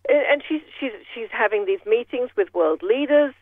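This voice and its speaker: Over a tinny phone line, a man offers casual political commentary in a rambling, sardonic manner, full of restarts. His voice is very high-pitched with lively intonation at a moderate pace, and the recording is dry.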